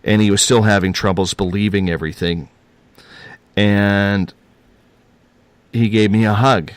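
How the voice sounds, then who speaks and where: A man's voice: lowish voice, fairly even intonation, measured pace, smooth, dry recording. A man telling a personal paranormal story in a rambling, earnest way, repeating himself and using casual slang.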